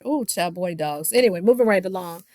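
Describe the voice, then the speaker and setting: With a lowish, slightly mellow and expressive voice, a woman talks fairly quickly through a gossipy, casual reality-show recap. She drops shady, sassy asides, keeps addressing listeners as "child" and mimics the people she quotes. The studio recording is clean, without echo.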